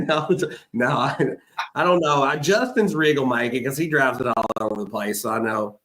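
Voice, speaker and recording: A man's voice: mid-range voice, normal speed, fairly bright tone. A man with a Southern US accent hosting a podcast in casual, joking chat, rambling and laughing often. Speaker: podcast host.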